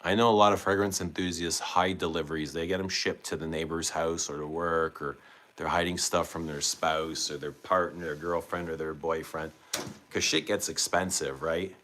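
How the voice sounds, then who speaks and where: A man's voice: sits low, fairly even intonation, moderate pace, a bit bright. A man hosting a casual livestream, reading viewer comments aloud and chatting back with questions. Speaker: livestream host.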